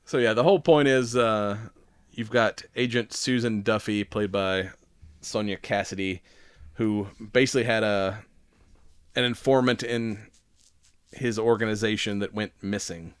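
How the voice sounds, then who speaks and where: A man's voice: fairly low pitch, fairly even intonation, a little slow, clean tone, dry recording. A man hosting a podcast, chatting loosely with lots of swearing and laughter. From Southern United States. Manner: loose and rambling, swears a lot, laughs often. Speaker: podcast host. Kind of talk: casual chat.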